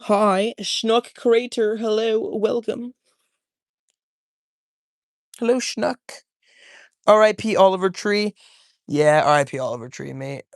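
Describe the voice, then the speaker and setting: A man's voice: medium pitch, no echo, clean studio sound. Slangy young man chatting on a livestream. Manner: loose, rambling, slangy, calls chat man, dude, bro. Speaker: livestreamer reading chat. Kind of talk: casual livestream chat. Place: at home with his cat.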